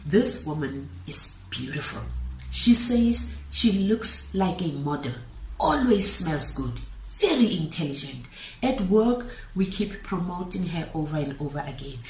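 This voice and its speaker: A woman's voice: on the low side, expressive, measured pace, darkish tone, recorded from a distance. A woman giving an earnest, emphatic storytelling talk as a motivational speaker, her voice sometimes dropping to a near-whisper. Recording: roomy echo, voice from off the mic, faint hiss.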